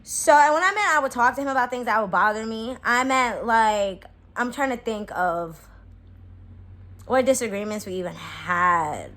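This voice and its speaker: A woman's voice: a little high, expressive, moderate pace, fairly bright tone. A woman in her twenties telling a casual storytime to her viewers, blunt and profane, laughing often and acting out her own lines. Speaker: vlogger.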